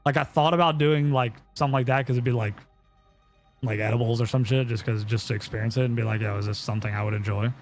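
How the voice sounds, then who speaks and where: A man's voice: mid-range voice, fairly even intonation, fast talker, soft background music. A young man chatting casually on a live stream, telling a story in a rambling way with lots of fillers and swearing.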